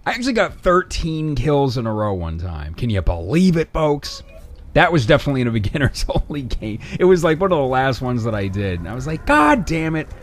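A young man giving casual, sarcastic commentary over his own shooter gameplay, swearing and breaking into excited outbursts. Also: medium pitch, fairly quick.

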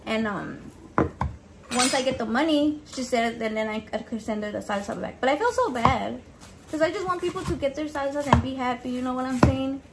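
A high-pitched, slightly fast voice belongs to a home cook vlogger of Mexican descent, talking casually as she prepares food against light background noise. Expect plenty of profanity, lots of energy, and Spanish words woven into her English.

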